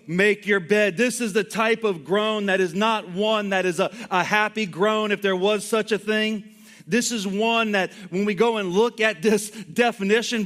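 Male pastor preaching, pretty high voice, slow and deliberate, talks to the crowd like a chat. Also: a bit bright. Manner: emphatic, conversational preaching with rhetorical questions. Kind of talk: sermon.

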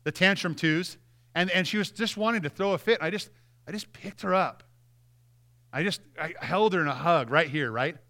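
A man's voice: high-pitched, normal speed, bright, forceful tone. A man in his thirties preaching a sermon as pastor, earnest and conversational with frequent restarts.

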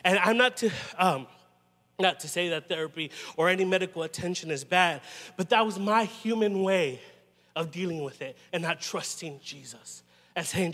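A man preaching a sermon in a conversational, halting way, often restarting and adding "you know". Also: high-pitched, fairly bright tone, big-room sound. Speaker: pastor.

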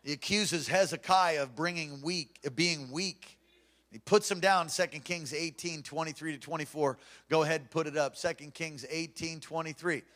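A man's voice: a little high, moderate pace, a bit bright. A man preaching a fervent, emphatic sermon as pastor from a church stage.

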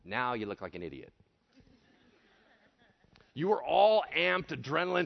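A man preaching a sermon in an animated way, acting out voices and swinging between hushed and shouted lines. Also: mid-range voice, moderate pace, creaky, pauses often, lo-fi sound. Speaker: pastor.

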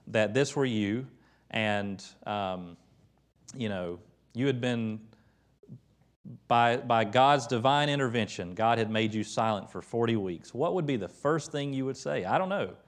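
A man preaching a conversational, emphatic sermon in a church, retelling scripture with lively quoted voices. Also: medium pitch, unhurried. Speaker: pastor.

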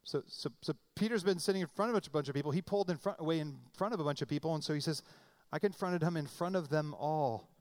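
A middle-aged male pastor preaching in a conversational, animated way, acting out quotes with comic voices. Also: fairly high pitch, fast, few pauses. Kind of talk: sermon.

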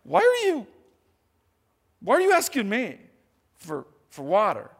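A man's voice: very high-pitched, huge pitch swings, a little slow, in a large hall, pitched above the performer's own voice, full character voice. A man voicing a skeptical woman at a well who protests in disbelief. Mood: incredulous. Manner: incredulous, protesting.

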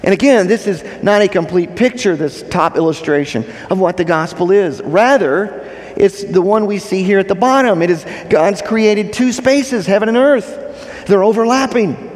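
A pastor preaches at a moderate pace in a fairly high voice, emphatically stressing and repeating key phrases. He puts questions to the congregation as he goes, and the sanctuary adds a long reverb.

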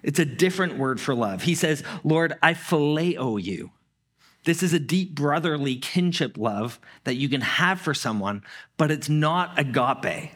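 A man's voice: on the high side, lively intonation, moderate pace, fairly bright tone, husky. A man preaching a sermon in a casual storytelling way, acting out the people he quotes. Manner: conversational, acts out quoted lines. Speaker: pastor.

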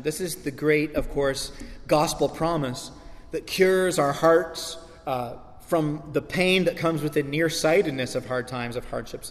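Pastor preaching in a reverberant hall. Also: male voice, on the high side. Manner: earnest, storytelling, rises to animated emphasis. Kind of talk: sermon. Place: church sanctuary. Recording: long church hall reverb.

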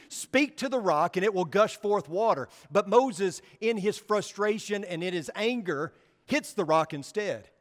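A man preaching a sermon in a church, earnest, slowing down for emphasis and dropping quiet on key words. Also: high-pitched. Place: church sanctuary. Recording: long hall reverb.

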